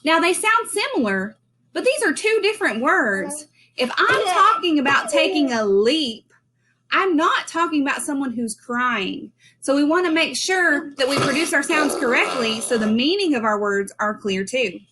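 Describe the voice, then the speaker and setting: A woman giving a children's speech lesson from home, modeling sounds slowly and clearly. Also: high-pitched, big pitch swings, background noise. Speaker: speech teacher.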